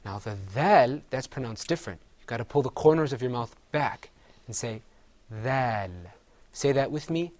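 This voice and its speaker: A man's voice: mid-range voice, fairly quick, a little mellow. A man teaching Arabic letter sounds in a class, patiently saying each one and having the group repeat it. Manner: explains mouth positions step by step. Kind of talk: classroom pronunciation drill.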